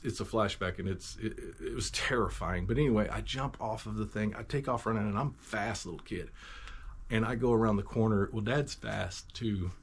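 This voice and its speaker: A man's voice: on the low side, slight background noise. A man telling a personal Christian testimony story in a rambling, emphatic way, with many restarts and asides.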